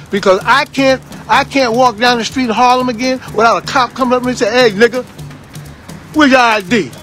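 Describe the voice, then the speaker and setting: A man's voice: very high voice, a bit bright. A man in his sixties from Washington, D.C., giving a fiery, preachy political monologue and repeating phrases for emphasis. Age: 60s.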